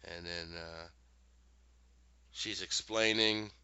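A man with a lowish, sharp, forceful voice retells a show's plot in a casual, animated way. He keeps slipping into quick character voices for the dialogue. The sound is dry and a bit dull and lo-fi. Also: smooth, no room sound. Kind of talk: casual recap storytelling.

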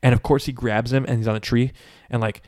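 Here a man with a mid-range voice and quick pace runs through a movie's plot on a podcast. It's casual chat: animated, filler-heavy storytelling with lots of "like," plus quick impressions of the characters as he quotes them.

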